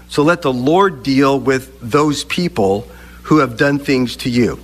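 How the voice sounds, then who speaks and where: A man preaching a sermon, speaking deliberately with emphatic pauses between phrases. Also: mid-range voice. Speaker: pastor.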